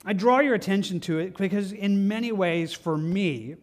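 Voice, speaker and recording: A man preaching a Sunday sermon with a high-pitched voice. He talks with the congregation in an earnest, conversational way and acts out the lines he quotes. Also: moderate pace. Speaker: pastor.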